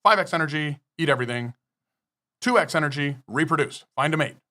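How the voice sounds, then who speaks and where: A man's voice: a little high, expressive, fast, sharp tone. A man guest on a business podcast, lecturing emphatically through numbered points with frequent swearing. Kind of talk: podcast interview.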